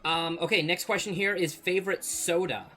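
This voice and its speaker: A man's voice: high voice, fairly even intonation, moderate pace, pushed and bright, faint music behind. A young man from Canada answering viewer questions in a casual vlog, rambling with lots of fillers and small laughs. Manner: rambling, hesitant, many fillers, laughs easily.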